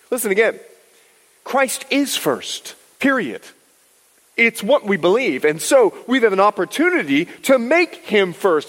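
Middle-aged male pastor, animated sermon delivery, high voice, echoey sanctuary. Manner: animated storytelling, acts out quotes. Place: church sanctuary. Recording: long reverb of a large hall.

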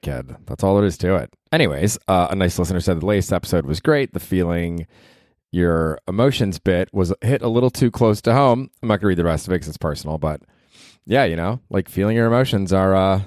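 Man, comedian host, deep voice, dry sound, casual, profane, self-mocking. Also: darkish tone, no room sound. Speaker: podcast host and stand-up comedian. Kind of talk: casual solo podcast rambling.

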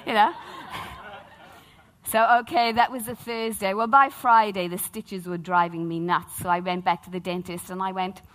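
A middle-aged woman, preaching a sermon as a lively, humorous personal story. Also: medium pitch, moderate pace. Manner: animated, humorous storytelling with acted-out quotes.

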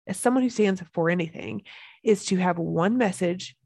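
A woman's voice: mid-range voice, moderate pace, vocal fry, a little mellow, no room sound. A woman hosting a solo podcast as a business coach, talking with energy and emphasis and repeating key phrases.

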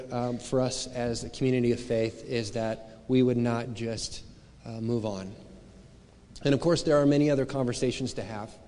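Conversational pastor in a reverberant hall. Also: male voice, medium pitch, a little mellow. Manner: conversational, searching, with many rhetorical questions. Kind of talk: sermon.

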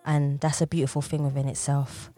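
A woman's voice: low voice, little pitch movement, a little fast, mellow. A woman hosting a podcast interview, enthusiastic and giggling between sentences. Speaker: podcast host. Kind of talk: casual interview.

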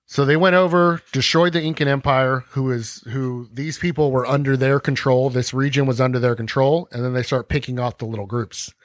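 A man's voice: medium pitch, steady tone, a little fast, hardly any pauses, dry recording. A man hosting a podcast, explaining history casually, ranting and acting out scenes in comic voices. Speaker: podcast host.

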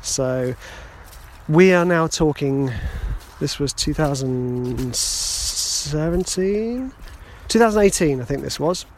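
A man's voice: on the high side, animated, takes it slowly, a little hiss or hum. A British man hosting a solo podcast, telling a rambling, self-deprecating story in a casual, chatty way. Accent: British English. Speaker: podcast host.

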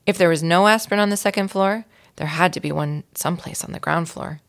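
A woman reading a children's chapter book aloud as a guest reader, expressive, with a gravelly voice. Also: fairly low pitch, brisk.

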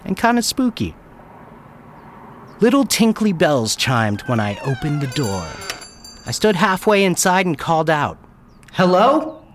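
A man telling a first-person story with a lively, wry delivery. His pitch rises and falls a lot as he narrates. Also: unhurried, pauses often, a little hiss or hum.

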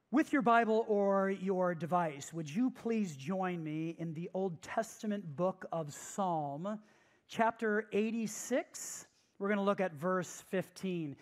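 Pastor delivering a teaching sermon, slow and deliberate, stresses and repeats key phrases, mid-pitched voice. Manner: emphatic, repeats key phrases and asks the listeners questions.

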